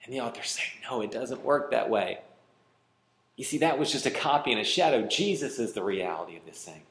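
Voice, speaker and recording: A male pastor preaching a sermon, pleading and emphatic, swinging from loud, high emphasis to quiet, low asides. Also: expressive, a little fast, echoey room. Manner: pleading, rising to emphatic then dropping quiet.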